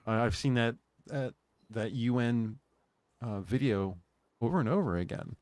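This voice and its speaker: A man's voice: medium pitch, measured pace, darkish tone, dry recording. A man in his sixties chatting casually as a show host, rambling and nostalgic, reading out viewer comments. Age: 60s. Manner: rambling, nostalgic, reads chat comments aloud. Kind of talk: casual chat.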